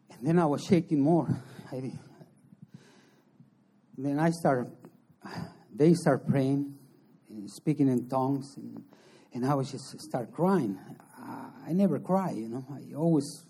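A man giving an emotional personal testimony as an interview guest, in halting, earnest non-native English. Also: medium pitch, mellow, breathy edge. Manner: emotional storytelling.

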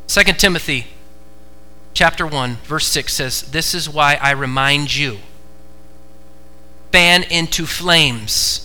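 American pastor guy preaching in church, high sharp voice, keeps repeating stuff, goes quiet then fired up. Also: slow, pauses often, rough recording. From United States. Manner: emphatic, repeats key phrases, swings from hushed to fervent. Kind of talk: sermon. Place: church before a congregation.

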